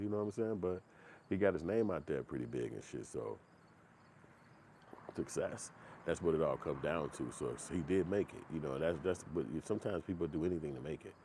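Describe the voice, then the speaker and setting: A man giving casual, animated and profane reaction commentary, acting out quotes in put-on voices. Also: low-pitched, fairly quick, slight background noise.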